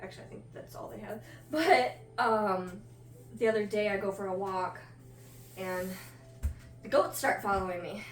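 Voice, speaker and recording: A woman cutting a man's hair at home, chatting and telling lively stories with plenty of laughter. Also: medium pitch, normal speed, long pauses, recorded from a distance, soft background music. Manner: lively, animated storyteller who laughs often. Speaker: hairstylist. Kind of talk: casual storytelling chat. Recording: echoey room, voice off-mic. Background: electric clippers buzzing.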